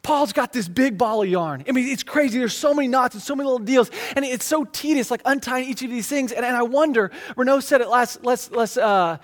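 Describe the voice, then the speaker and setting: A man's voice: very high voice, brisk, hardly any pauses. A man preaching a sermon in a conversational, emphatic way, often restarting and repeating words. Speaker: pastor.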